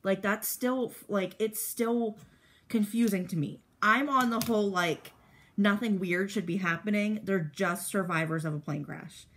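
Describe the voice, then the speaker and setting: A young woman vlogger chatting casually while doing her makeup, rambling with lots of fillers and getting animated when excited. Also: medium pitch, measured pace. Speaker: beauty vlogger.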